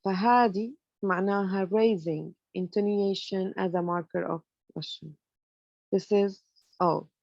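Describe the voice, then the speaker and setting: With a mid-range, slightly mellow voice touched by vocal fry, a woman explains English grammar at a moderate pace, one step after another. She often says "you know" and asks "okay?" to see if students follow; the recording is lo-fi and echo-free.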